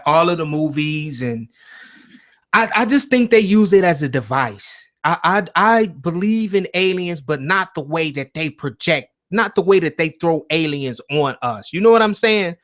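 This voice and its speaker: A man's voice: on the high side, expressive, measured pace, a bit bright. A man hosting a call-in show, chatting loosely and bluntly with callers over a shaky internet connection. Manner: loose, blunt, swears casually. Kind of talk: casual call-in chat.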